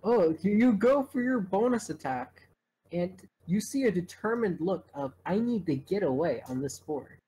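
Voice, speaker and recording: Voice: medium pitch, animated, normal speed, warm tone, breathy edge, low-quality recording. A game master narrating a tabletop game in a wry, playful way, stumbling over restarts now and then.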